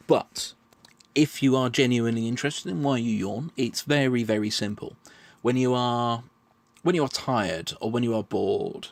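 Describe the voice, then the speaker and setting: A man explaining his answers in a measured, patient monologue, often restarting his phrases. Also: on the low side, creaky, no room sound. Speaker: vlogger answering questions.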